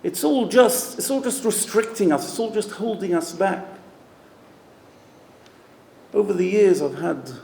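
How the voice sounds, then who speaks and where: Brief: high-voiced, gravelly male rabbi lecturing to an event crowd, roomy hall sound. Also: a little mellow, a little hiss or hum. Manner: storytelling, emphatic. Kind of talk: sermon-style talk at an event. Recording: echoey hall with long reverb.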